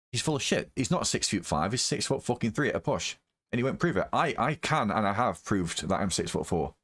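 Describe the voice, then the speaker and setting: A man hosting a live reaction, his voice sitting a little low. He rants in an angry, profane stream, repeating himself as his temper rises. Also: fairly bright tone. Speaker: reaction video host.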